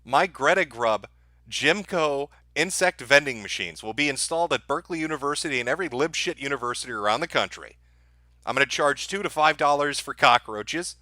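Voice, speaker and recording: A man's voice: a little high, lively intonation, a little fast, sharp tone, no echo, clean studio sound. A man hosting a livestream, ranting sarcastically and profanely and laughing at his own jokes as he reads viewer super chats. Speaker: livestream host.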